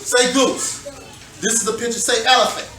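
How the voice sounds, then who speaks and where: A woman teacher leads little children through a picture book, drawing out each word and cueing them to say it back. She sounds distant in a large, reverberant room with steady background noise. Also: on the high side. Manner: slow, emphatic prompting with many repeated cues. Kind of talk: call-and-response classroom reading. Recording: echoey, distant, noisy room recording.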